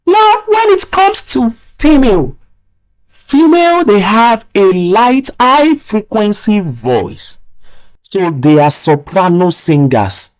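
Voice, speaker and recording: A male physics teacher giving a recorded video lecture. He talks slowly and emphatically, repeats key phrases, and often asks rhetorical "what?" questions. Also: a little high, poor audio. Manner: slow, emphatic stress on key words.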